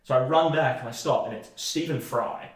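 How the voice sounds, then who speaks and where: A man's voice: medium pitch, moderate pace. A young man co-hosting a podcast, telling a story in casual chat with lots of fillers and restarts. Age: young adult. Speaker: podcast co-host. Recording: echoey room.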